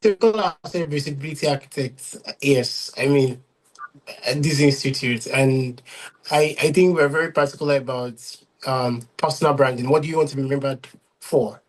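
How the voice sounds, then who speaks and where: A male host on a video call who praises his guest effusively and speaks in halting, repeated phrases. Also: medium pitch. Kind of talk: casual interview on a video call.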